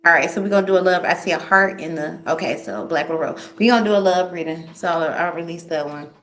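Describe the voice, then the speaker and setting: A woman's voice: fairly low pitch, fast talker, a bit bright. A woman hosting a live tarot reading stream, chatting casually and reading out viewers' questions. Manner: chatty, hums and sings to herself while waiting; reads viewers' questions aloud. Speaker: tarot reader.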